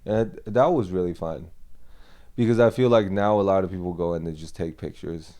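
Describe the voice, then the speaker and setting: Male co-talker, low and warm, easygoing short answers. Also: fairly quick. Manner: laid-back, short replies. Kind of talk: casual podcast chat.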